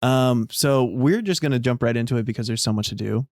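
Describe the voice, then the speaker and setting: A man's voice: mid-range voice, fairly quick, a little mellow, no room sound, studio quality. A man hosting a casual talk show, rambling with fillers and restarts. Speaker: podcast host. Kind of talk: casual chat.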